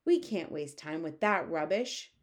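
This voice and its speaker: A woman's voice: low voice, lively intonation, a little slow. A woman voicing a pompous, boastful male army general in a storybook reading. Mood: brusque. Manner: self-important and brusque.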